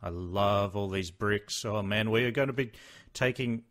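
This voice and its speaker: An excitable young man talks through his gameplay in a loose, casual way. His voice sits a little low, and he swings between quiet muttering and sudden shouts of surprise. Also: a little slow. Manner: excitable, exclaims and mutters to himself while playing. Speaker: Let's Play host.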